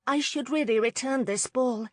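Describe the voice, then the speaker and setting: A woman's voice: high voice, moderate pace, dry recording, clean studio sound, voice pushed up. A woman voicing an anguished young woman torn by guilt, pleading in a raised, breathless voice.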